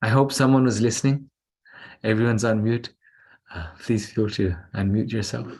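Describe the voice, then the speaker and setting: A man teaching a scripture class over a video call, explaining gently and unhurriedly with small fillers. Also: lowish voice, normal speed.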